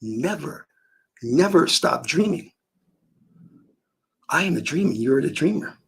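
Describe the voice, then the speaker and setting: A man's voice: fairly high pitch, expressive, slow pace, gravelly, husky. A man giving a motivational spiritual talk about manifesting through dreams, emphatic and given to storytelling.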